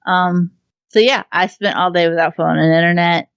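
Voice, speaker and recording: A woman's voice: lowish voice, fairly even intonation, normal speed, clean tone, no echo, dull audio. A woman co-hosting a podcast in casual chat, telling a story with lots of laughter and cursing. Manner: laughing storyteller, swears freely. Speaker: podcast co-host.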